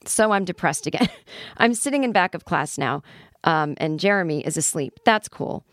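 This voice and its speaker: A candid, self-deprecating woman with a lowish voice talks through a casual solo podcast, laughing now and then. She sounds middle-aged. Her voice is close to the mic in a dry, dead room with no echo. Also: expressive, normal speed, a bit bright. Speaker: podcast host.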